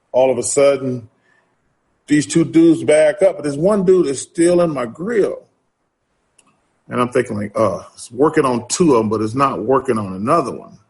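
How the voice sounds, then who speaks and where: Husky-voiced man telling a story. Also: mid-range voice. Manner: animated storyteller, acts out quotes. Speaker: interview guest. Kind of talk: casual storytelling.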